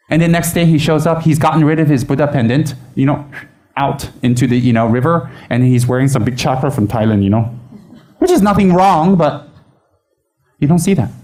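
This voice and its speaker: A man teaching Buddhism in a chatty, animated way, often restarting his sentences. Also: a little high, normal speed, pauses often. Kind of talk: informal dharma teaching.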